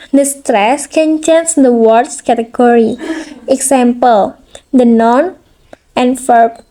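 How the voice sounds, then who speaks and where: A woman student presenting a phonology lesson, reading haltingly with fillers and drawn-out examples. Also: sits high, mellow. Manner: very slow, hesitant reading with fillers and restarts.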